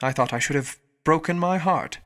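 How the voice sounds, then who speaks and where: A man's voice: a little high, moderate pace, fairly bright tone. A male narrator voicing a sentimental middle-aged mother who lingers over her words. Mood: plaintive.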